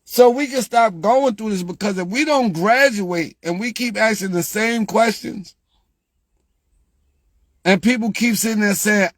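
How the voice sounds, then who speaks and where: A man talking casually to viewers about lottery picks, repeating himself and growing exasperated, getting louder when he quotes their questions. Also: high voice, a little slow, dry recording. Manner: repetitive, exasperated, rises when quoting viewers. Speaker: lottery tips creator.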